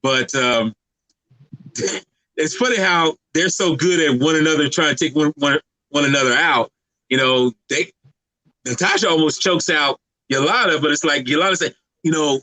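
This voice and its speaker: A man on a podcast giving a casual, halting movie recap full of fillers and restarts. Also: on the high side, bright, forceful tone, no room sound, rough recording. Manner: rambling, halting with many fillers. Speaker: podcast co-host.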